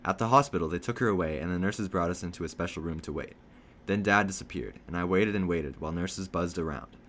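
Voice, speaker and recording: A man reading a novel aloud, telling a first-person story in a steady storytelling manner. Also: sits low, quick pace, slight background noise. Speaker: reader.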